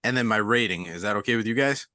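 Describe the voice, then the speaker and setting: A man's voice: on the low side, quick pace, sharp tone, no echo, clean studio sound. A young man co-hosting a podcast, steering the talk and ranting with mock sarcasm. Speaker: podcast co-host. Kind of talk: casual podcast chat.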